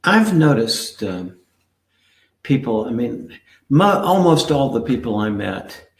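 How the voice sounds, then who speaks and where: A man speaking on a panel in a halting way, trailing off mid-thought. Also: mid-range voice, sing-song. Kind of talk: panel discussion. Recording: echoey room.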